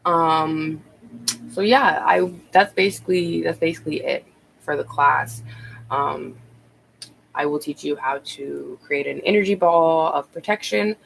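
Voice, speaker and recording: A woman's voice: low-pitched, a little slow, gravelly, fairly bright tone, slight background noise, rough recording. A woman tarot reader talking casually on a live stream, rambling with many ums and restarts, a bit out of breath.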